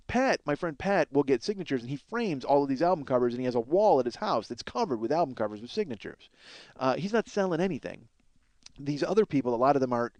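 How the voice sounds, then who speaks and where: A man's voice: mid-range voice, darkish tone, dry recording. A man hosting a podcast, telling a long rambling story with lots of swearing and self-mockery. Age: 30s. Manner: rambling, profane, self-deprecating. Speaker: podcast host. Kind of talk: solo storytelling monologue.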